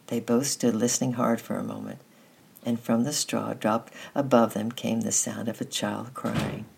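A storyteller reading a children's story aloud at a steady pace, sometimes restarting a phrase. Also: mid-range voice, moderate pace, creaky, husky. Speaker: narrator. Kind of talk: storybook narration.

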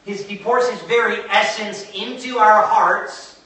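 A man preaching to his congregation, dropping into quiet asides and then slowing for big emphatic declarations. His voice is bright and a touch high. He is heard from far off in a very echoey hall with faint noise behind. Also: fairly even intonation. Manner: asks the congregation questions and answers back. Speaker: pastor. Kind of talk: sermon.

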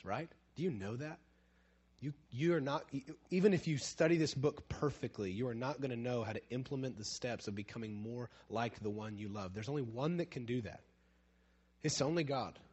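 A man preaching a conversational sermon who asks his listeners questions, drops to a hush and then builds to emphatic points. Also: mid-range voice, breathy edge. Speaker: pastor.

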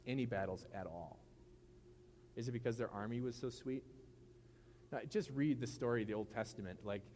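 A man's voice: fairly low pitch, a little mellow, a little hiss or hum. A middle-aged man preaching a casual sermon as pastor, with conversational jokes and asides.

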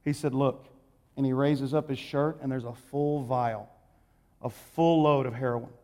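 A man preaching as an evangelist, telling a story and repeating his key points with emphasis, swinging between hushed and loud. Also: medium pitch, steady tone, unhurried. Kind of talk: sermon with story. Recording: hall reverb.

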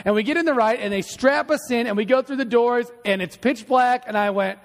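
A man's voice: very high voice, fairly quick, long reverb tail. A middle-aged male pastor preaching a sermon in a church, conversational and storytelling, with self-deprecating humor. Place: church sanctuary.

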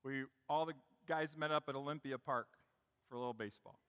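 A man's voice: medium pitch, a little fast, a bit bright, long reverb tail. A middle-aged man preaching a sermon in a church, telling a story in a conversational way and speaking straight to the congregation. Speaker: pastor. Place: church sanctuary.

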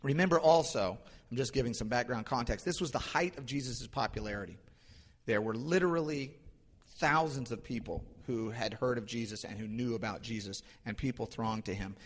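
A man's voice: medium pitch, brisk. A man preaching a sermon in a conversational, storytelling way, with frequent restarts. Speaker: pastor. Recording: long hall reverb.

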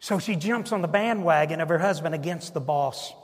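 A man's voice: a little high, brisk, long reverb tail. A male pastor preaching a sermon, stressing his points and asking the congregation rhetorical questions.

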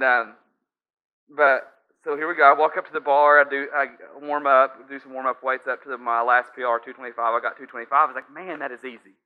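A man preaching a sermon in a conversational, storytelling way, with frequent asides to the listeners. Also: on the high side. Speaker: pastor. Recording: slightly dull lo-fi sound.

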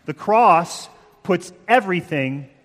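A man preaching a sermon, measured and emphatic, with slow dramatic pauses. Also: high-pitched, lively intonation, a bit bright, in a large hall. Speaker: pastor.

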